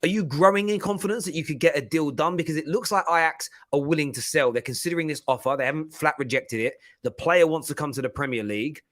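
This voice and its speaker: A man hosting a football podcast in an animated, casual chat. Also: a little high, quick pace, hardly any pauses. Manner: animated, laughing, chatty.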